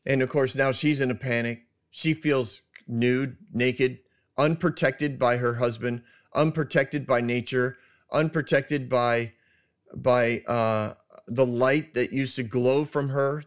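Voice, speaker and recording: A man hosting a casual Bible discussion podcast, earnest and halting, with many restarts and soft chuckles. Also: medium pitch, fairly even intonation, smooth, highs cut off. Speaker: podcast host.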